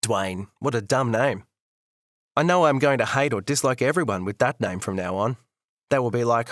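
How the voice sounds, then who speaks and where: A man narrating a first-person audiobook in an expressive, bitter, candid way. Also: mid-range voice, fairly quick, no echo, studio quality.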